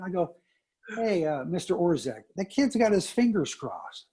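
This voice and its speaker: A man's voice: normal speed, breathy edge. A middle-aged man, a teacher and coach, telling stories in a casual interview and acting out the people he quotes with big jumps in his voice. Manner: animated, acts out quotes with big pitch jumps.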